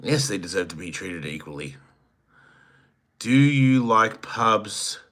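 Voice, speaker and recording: Australian male livestream host, 50s, slow unhurried delivery, crude joking banter, bright voice. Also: on the low side, lively intonation. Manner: laid-back, crude, joking, reads viewer comments aloud. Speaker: host reading live chat. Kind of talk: casual livestream chat.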